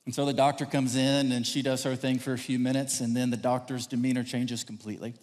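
A pastor from Texas preaching a sermon, telling personal stories with lively acted-out quotes. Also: male voice, mid-range voice, fast, few pauses. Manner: animated, acts out quotes in raised voice. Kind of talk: sermon storytelling. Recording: long hall reverb.

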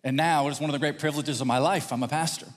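A pastor from Texas preaching a sermon, telling personal stories with lively acted-out quotes. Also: male voice, a little high, rapid-fire. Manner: animated, acts out quotes in raised voice. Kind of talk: sermon storytelling. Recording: long hall reverb.

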